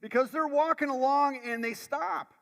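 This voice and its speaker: A male pastor preaching a sermon, dramatic, swinging from loud bursts to hushed lines and repeating words as he goes. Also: very high voice, moderate pace, gravelly. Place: church sanctuary. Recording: long church hall reverb.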